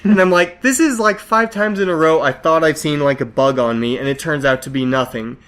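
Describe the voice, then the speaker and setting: A man's voice: medium pitch, a little fast, smooth. A man co-hosting a podcast, telling stories in casual chat with frequent laughter and acted-out quotes. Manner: animated storyteller, laughs often, acts out quotes. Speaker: podcast co-host.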